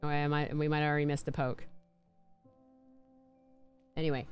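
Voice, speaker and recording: On a casual live stream, a woman chats playfully about her pet snakes, sometimes doing silly voices for them and using lots of "likes" and restarts. Her low, clear, resonant voice has a flat delivery at normal speed, with faint music behind.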